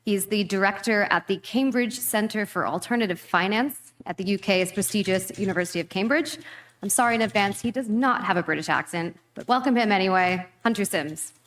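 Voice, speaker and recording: A woman's voice: mid-range voice, fairly quick, fairly bright tone. A woman emcee introducing the next speaker from the stage in a lightly teasing, welcoming way. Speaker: event emcee. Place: conference hall stage. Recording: long reverb from a conference hall.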